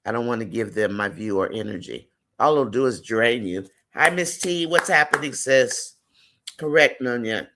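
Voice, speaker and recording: A man's voice: medium pitch, animated, normal speed, bright, forceful tone, slight background noise. A man hosting a casual live-stream chat, reading viewer comments aloud and greeting and affirming viewers by name.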